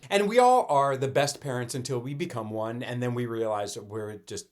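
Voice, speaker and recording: A man's voice: mid-range voice, brisk. A middle-aged man from Colorado, co-hosting a podcast in casual chat and telling stories with quoted dialogue. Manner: animated storytelling, with quoted dialogue. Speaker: podcast co-host.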